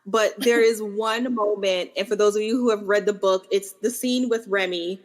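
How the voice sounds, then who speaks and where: A woman's voice: mid-range voice, fairly even intonation, moderate pace. A young adult woman co-hosting a book podcast, chatting casually and laughing at herself.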